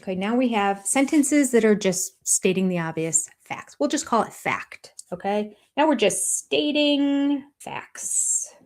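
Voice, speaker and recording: An older woman giving deliberate, analytical commentary as a host, with a dryly sarcastic edge. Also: fairly high pitch, expressive, darkish tone.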